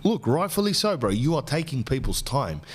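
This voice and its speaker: Bloke in his forties, podcast host, ranting comic anecdotes, lively swooping pitch. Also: normal speed, husky. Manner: ranting, animated anecdotes with slang. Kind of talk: comic storytelling.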